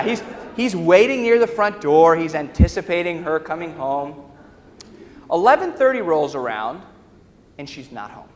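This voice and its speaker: A man, a workshop trainer, telling a story to a live audience in a large lecture hall and often checking in with his listeners. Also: a little high. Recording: echoey hall with faint ambience.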